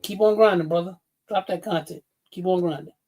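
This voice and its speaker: A man's voice: high voice, brisk, a little mellow. A man, ranting bluntly and profanely on a casual livestream. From New York City. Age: 50s. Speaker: livestream host.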